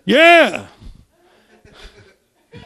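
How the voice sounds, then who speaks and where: An older man preaching, telling folksy stories that swing from soft asides to loud exclamations. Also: very high voice, wildly swooping pitch, extremely slow, creaky, soft background music. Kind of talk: sermon testimony.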